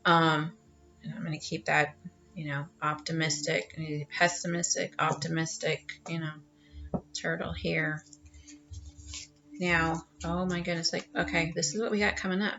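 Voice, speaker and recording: A chatty woman talks through a tarot card reading at home in a bright, forceful voice, wandering off with fillers and restarts. The recording sounds dull and lo-fi. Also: sits low, flat delivery, a little slow, vocal fry, faint music behind. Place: her home.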